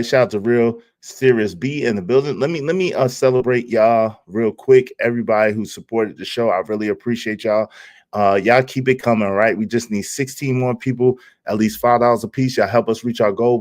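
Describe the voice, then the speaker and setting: Brief: a man livestream host, casual slangy commentary, animated reactions. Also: mid-range voice. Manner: animated, slangy, laughs at clip.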